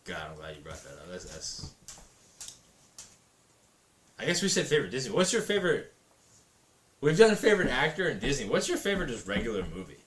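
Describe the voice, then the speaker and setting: An excitable man in his thirties talks casually about films. His pitch swings widely as he gets worked up and acts out scenes. He swears freely. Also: fairly quick, long pauses, echoey room, background noise. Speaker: co-host. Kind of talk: casual chat.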